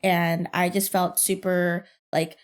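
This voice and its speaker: Brief: young woman podcast host, casual storyteller, swears freely, animated. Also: lowish voice, slow pace. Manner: animated, profane, laughs through her story.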